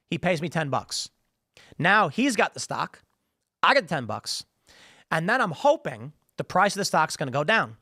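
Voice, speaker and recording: A man's voice: a little high, normal speed, no echo, studio quality. A man hosting a political commentary show, talking in a sarcastic, opinionated way and acting out the voices of the people he quotes. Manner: animated, acts out quoted voices. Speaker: show host.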